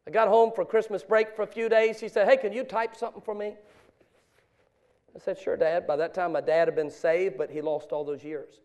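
A middle-aged man preaching from the pulpit, his voice pitched high. He tells his story in low, hushed tones, then builds into loud, impassioned calls to the congregation. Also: fairly even intonation, a little fast, few pauses. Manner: swings from quiet confessional storytelling to loud preaching. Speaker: pastor. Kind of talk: sermon.

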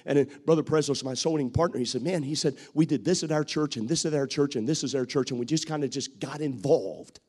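A man preaching a sermon as pastor, acting out what people say and rising to shouts at his peaks. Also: a little high, quick pace, hardly any pauses, husky.

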